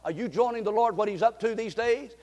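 A man preaching a fervent sermon as pastor, breaking into shouts and folksy asides. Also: high voice, fairly quick. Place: church sanctuary. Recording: long hall reverb.

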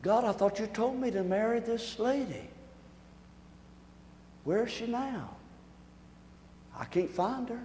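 A man preaching who acts out a faithful husband, hushed and pleading as he searches for his missing wife, in an echoey hall. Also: very high-pitched, animated, takes it slowly, long pauses, full character voice. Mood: bewildered.

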